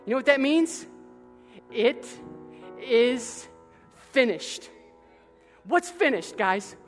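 A male pastor delivers an impassioned sermon, dropping low and close, then climbing to near-shouts. His voice rings through a church with a long reverb tail, and soft music plays faintly underneath. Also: expressive, slow, pauses often.

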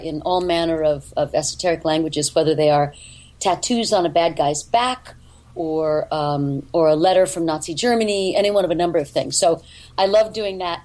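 A woman voice actor and dialect coach, talking in an interview in an articulate, deliberate way. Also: on the low side, darkish tone, low-quality recording. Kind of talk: interview talk.

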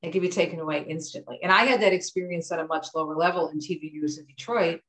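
A middle-aged woman from the United States with a lowish voice talks as an interview guest. She tells stories in a lively, chatty way. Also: quick pace, low-quality recording. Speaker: author and guest. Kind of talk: conversational interview.

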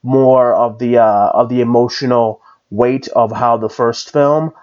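A man's voice: medium pitch, steady tone, a little slow, darkish tone. Casual male podcast host, dull lo-fi sound. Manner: rambling, with many fillers and restarts. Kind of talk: casual chat.

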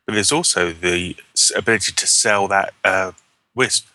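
Deep, bright-voiced man on a podcast. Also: normal speed. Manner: rambling, self-correcting, wry. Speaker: podcast host. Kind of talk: casual gaming podcast chat.

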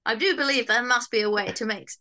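Bright-voiced chatty woman comedian. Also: fairly high pitch, fast. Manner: chatty and self-mocking, with frequent fillers and laughs. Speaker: stand-up comedian guest. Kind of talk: casual podcast interview.

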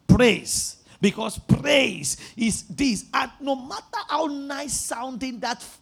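A male pastor preaching a sermon, telling stories animatedly and rising to emphatic shouts. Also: extremely high pitch, creaky, breathy edge. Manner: animated storytelling, acting out phone conversations.

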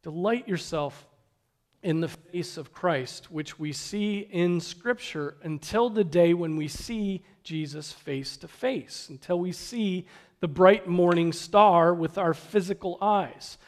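Male preacher with a high voice, earnest sermon delivery, rhetorical questions, hushed emphasis. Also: slow. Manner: drops to a hush for emphasis.

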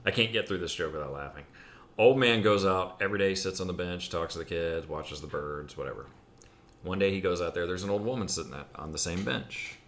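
A man with a fairly low but bright, forward voice, co-hosting a casual podcast. He tells rambling jokes and keeps cracking himself up along the way. Loose, swearing, unpolished chat. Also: fairly quick, a little hiss or hum. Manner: laughs through his own jokes, swears. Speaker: podcast co-host. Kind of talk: casual joke-telling chat.

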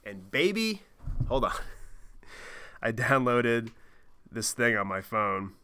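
A man in his thirties telling a travel story on his podcast, animated and rambling, with lots of swearing and fillers. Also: mid-range voice, slow, smooth. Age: 30s. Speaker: podcast host. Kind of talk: casual storytelling monologue.

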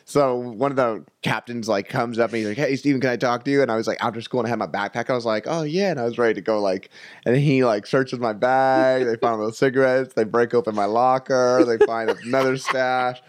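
A man's voice: mid-range voice, fairly even intonation, brisk, no room sound. A young man, a stand-up comedian, telling a long story in casual chat, with lots of "like" and "you know" fillers. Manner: rambling, filler-heavy, with many "like" and "you know".

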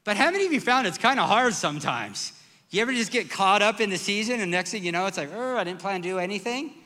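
A man's voice: lively intonation, fast, pushed and bright, long reverb tail. A man preaching a sermon as pastor, conversational and emphatic, asking the congregation questions. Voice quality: self-described squeaky voice.

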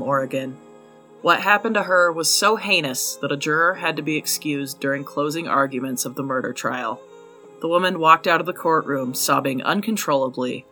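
A man narrates a true crime case for his podcast in a blunt, openly angry way, swearing freely. His voice sits a little high and sounds bright and forceful. Soft music plays underneath.

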